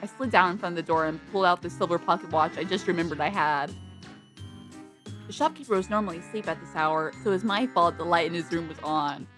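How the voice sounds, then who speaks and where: A woman playing through a visual novel, reading its text aloud and loudly scolding the characters in exasperation. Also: lowish voice, quick pace, soft background music. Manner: animated, yelling in exasperation at characters. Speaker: game streamer.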